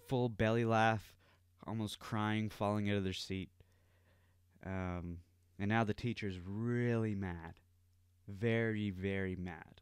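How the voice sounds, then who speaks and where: Low-voiced man telling a rambling story. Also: clear, resonant tone, no room sound, studio quality. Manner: rambling, swears freely. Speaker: podcast host. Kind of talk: casual storytelling.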